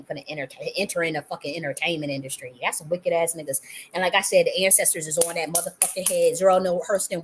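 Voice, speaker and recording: An American woman hosting a livestream rants angrily while she has a cold, profane and rapid-fire with frequent restarts. Her voice is on the low side, a bit bright, and slightly rough. It's a heated monologue.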